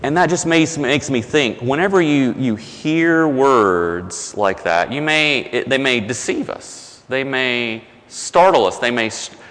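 A man's voice: mid-range voice, expressive, slow pace, few pauses, a bit bright, in a large hall. A male pastor delivering a sermon in a conversational, self-deprecating storytelling way, with frequent restarts.

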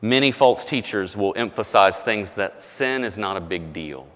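A man gives a conversational sermon as pastor, his voice swinging widely in pitch. He drops low and soft to land his emphasis. The sound carries the long reverb of a large hall. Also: expressive, normal speed.

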